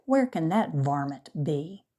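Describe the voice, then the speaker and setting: A woman voicing an excitable, boastful young boy who shouts when he is worked up. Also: sits low, takes it slowly, heavily acted. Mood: excited.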